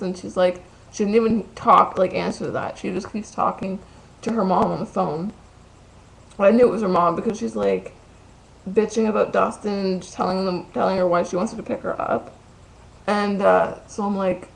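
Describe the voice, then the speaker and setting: A woman's voice: medium pitch, fairly even intonation, moderate pace, gravelly, poor audio. A young woman telling a story in a casual vlog, ranting and chatty, full of "like" and "um". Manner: chatty, ranting, many likes and ums.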